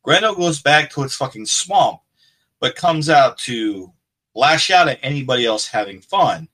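A man's voice: mid-range voice, animated, measured pace, fairly bright tone, rough recording. A man co-hosting a podcast, talking casually in a rambling, profane rant. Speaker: podcast co-host. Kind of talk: casual chat.

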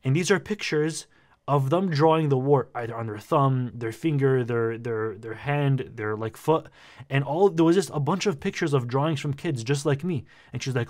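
Animated young man telling a story. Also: fairly high pitch, a little fast. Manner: animated, slangy, says "bro" a lot. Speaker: vlogger. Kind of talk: casual storytelling.

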